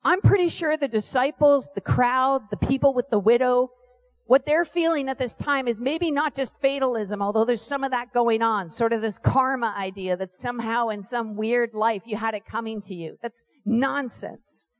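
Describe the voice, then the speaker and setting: A woman preaching a sermon, telling stories with lively asides and acting out the voices of people she quotes. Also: on the high side, normal speed. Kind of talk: animated sermon storytelling.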